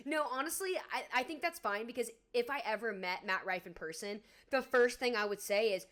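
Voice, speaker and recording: A woman's voice: a little high, fairly quick, hardly any pauses, a bit bright. Fired-up young woman ranting. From Atlanta, Georgia. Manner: heated, swearing, ranting. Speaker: podcast co-host. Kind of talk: casual podcast chat.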